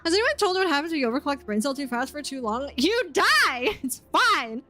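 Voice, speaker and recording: A woman streaming a game, chatting casually and excitably, yelping and laughing as she plays. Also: sits high, a little fast, soft background music. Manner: chatty and excitable, yelps and laughs while playing. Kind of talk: casual gaming commentary.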